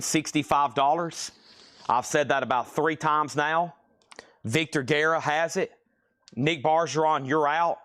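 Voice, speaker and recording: A man runs a live-streamed record sale, calling out bids and repeating the names of items in a loose, rambling, casual way. His voice is a little high with a fairly bright tone.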